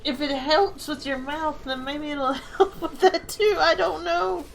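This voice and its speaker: A woman's voice: sits high, unhurried, creaky, low-quality recording. A woman streamer in casual chat, telling embarrassing stories with lots of laughter. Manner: laughing storyteller, animated. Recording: faint music behind.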